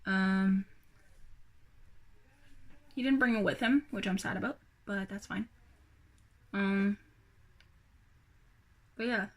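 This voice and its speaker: Slow, rambling young woman vlogging. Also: mid-range voice. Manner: rambling, hesitant, many fillers and sighs. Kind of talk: casual personal vlog talk.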